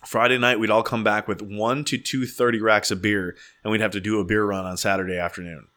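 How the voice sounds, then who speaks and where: A young adult man hosting a casual chat and telling a story with animated, swearing delivery, acting out what people said. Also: lowish voice, a little fast. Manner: animated, swearing, acts out quotes.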